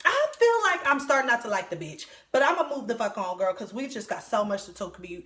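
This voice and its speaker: A woman's voice: fairly high pitch, sing-song, quick pace, a bit bright, reverberant. A woman giving casual recap commentary on a reality show, talking bluntly and profanely and laughing often.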